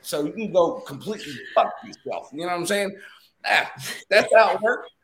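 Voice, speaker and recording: Animated man telling a story, roomy sound. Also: high voice, normal speed, slight background noise. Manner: animated storytelling, profane, repeats himself. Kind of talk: casual chat.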